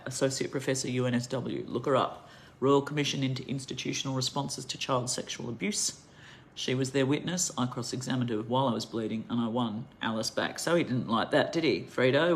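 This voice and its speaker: A woman's voice: very deep voice, steady tone, fairly quick. A middle-aged Australian woman giving an angry, impassioned monologue straight to camera, ranting with heavy emphasis. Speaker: vlogger.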